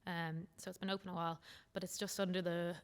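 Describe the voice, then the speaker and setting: A young adult woman with a Dublin accent, a stand-up comedian chatting casually as a podcast guest, lively and quick with frank asides. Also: fairly low pitch. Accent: Irish, Dublin. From Ireland. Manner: lively, swearing, quick asides, laughs easily. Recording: long hall reverb.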